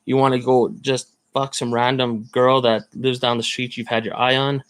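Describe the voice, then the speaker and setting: A man from Canada talks casually on a live stream, rambling and thinking aloud as he goes. His voice sits in a middle pitch. The sound is dry and close, with no room around it. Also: level tone, moderate pace, a bit bright, clear, resonant tone, dry recording. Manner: rambling, thinks aloud while browsing listings. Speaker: card collector streamer.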